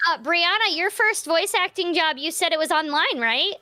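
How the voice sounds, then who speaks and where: A young woman guesting on a live stream, telling stories in a bubbly, rapid way. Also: extremely high pitch, animated, sharp tone, no echo. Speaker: voice actress guest. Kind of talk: casual live-stream chat.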